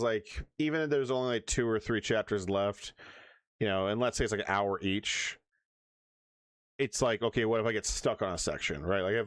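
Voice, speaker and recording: Man streamer, low voice, smooth, rambling casual chat, hiccups, dry close sound. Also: no echo. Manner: rambling, restarts often, hiccups. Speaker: livestreamer.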